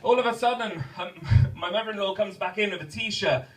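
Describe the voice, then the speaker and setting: Rambling comic on a club stage. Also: male voice, sits high, a little fast, distant mic, rough recording. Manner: rambling, self-mocking, stammering restarts. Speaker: stand-up comedian. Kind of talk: stand-up comedy set.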